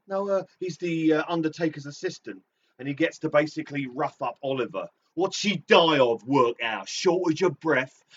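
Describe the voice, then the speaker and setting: A man with an English accent chatting casually as co-host, lively and swearing freely, often repeating phrases. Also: fairly high pitch, distant mic, highs cut off. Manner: animated, swearing, repeating catchphrases. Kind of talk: casual chat.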